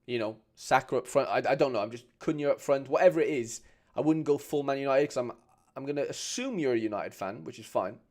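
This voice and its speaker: A man's voice: medium pitch, fast talker, darkish tone. Male streamer, casual and informal, lots of restarts, mid-range voice. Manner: chatty, informal, reads viewer comments aloud, frequent restarts. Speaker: streamer reviewing fan card collections. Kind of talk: casual live stream chat.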